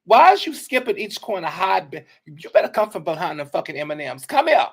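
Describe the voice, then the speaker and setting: A man's voice: fairly high pitch, lively intonation, fairly quick, vocal fry, slightly rough. A man hosting a casual chat, sassy and teasing, talking animatedly with lots of back-and-forth. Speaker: host.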